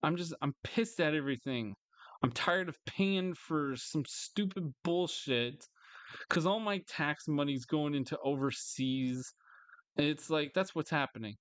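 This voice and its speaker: A man angrily ranting in a vlog monologue, swearing heavily, repeating himself and jumping into higher mocking voices. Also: measured pace, fairly bright tone, smooth, dry recording. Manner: frustrated, swearing, repetitive. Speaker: vlogger.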